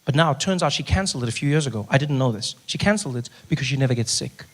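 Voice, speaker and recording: Fast-talking, animated male comedian. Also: mid-range voice. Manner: animated storytelling with bursts of shouting. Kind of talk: stand-up comedy.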